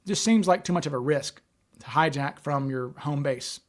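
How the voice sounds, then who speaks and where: A man's voice: fairly high pitch, normal speed. A man hosting a casual livestream, talking in a loose, chatty way, stuttering often and repeating and restarting his words. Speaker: livestream host.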